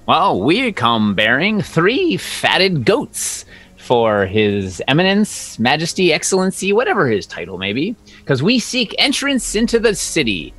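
A man's voice: a little high, huge pitch swings, measured pace, a bit bright, faint music behind. A man playing a tabletop game, talking playfully and joking with the table. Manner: playful, jokey, mixing in character voice. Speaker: player. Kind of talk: casual tabletop play.

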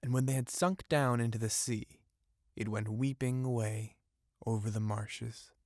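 A man narrating a classic fairy tale aloud in a measured, formal reading. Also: mid-range voice, fairly even intonation, darkish tone, no echo, clean studio sound. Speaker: audiobook narrator. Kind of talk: scripted storybook narration.

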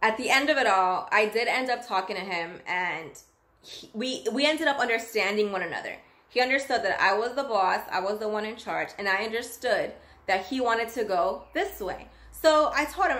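A woman's voice: medium pitch, normal speed. Chatty woman telling a story in an echoey room. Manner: chatty and animated, acts out quotes. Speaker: nanny telling her own story. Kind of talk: casual storytelling vlog.

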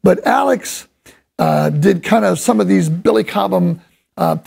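A man giving a casual, enthusiastic drum lesson, rambling from one point to the next and sometimes voicing drum rhythms out loud. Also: high-pitched, measured pace, vocal fry, slightly rough. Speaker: drum instructor.

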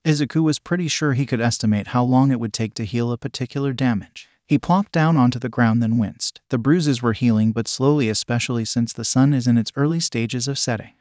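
Man narrating fan fiction, even and literal, middle pitch, dry close sound. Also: a little fast, hardly any pauses, no echo. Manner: even, literal reading, reads out sound words. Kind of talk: reading fan fiction aloud.

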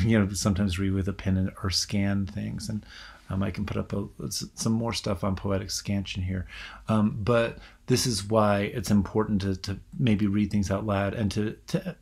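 A man delivers a recorded lecture on poetry in a somewhat low voice. He talks haltingly, full of ums and restarts, and reads short verse lines aloud as he goes. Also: gravelly, a little mellow, husky.

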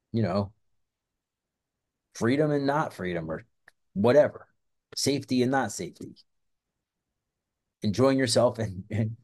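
Man, channel host, casual monologue, rambling, profane, mellow tone. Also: mid-range voice. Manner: rambling, profane, filler-heavy. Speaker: self-defense channel host.

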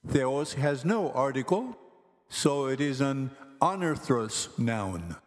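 A man teaching Greek grammar in slow, careful scripted narration, pronouncing each word deliberately. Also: medium pitch, sing-song. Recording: long hall reverb with faint music.

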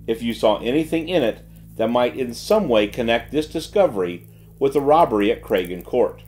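A man voicing a composed female detective who speaks in calm, level tones. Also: medium pitch, normal speed, lightly acted. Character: calm, level-toned young woman detective.

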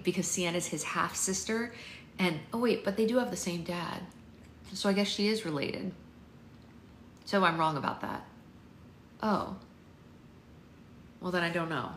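Low-voiced woman reading a novel aloud. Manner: chatty asides to listeners. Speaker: book club host. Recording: echoey room with faint noise.

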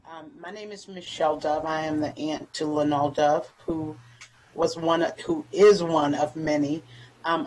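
A woman's voice: low voice, breathy edge, poor audio. A woman, a grieving aunt, giving composed, sincere public thanks. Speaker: grieving family member. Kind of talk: public remarks.

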